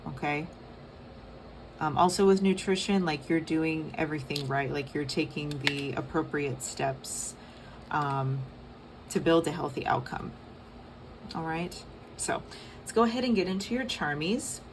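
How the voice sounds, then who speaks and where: A young woman giving a casual tarot reading, soft and rambling with many fillers. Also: deep voice, unhurried, pauses often, a little hiss or hum. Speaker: tarot reader.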